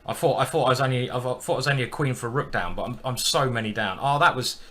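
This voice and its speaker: Self-mocking chess streamer. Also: male voice, medium pitch, fast talker, a bit bright. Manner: self-deprecating, thinking aloud. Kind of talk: live commentary on his own games.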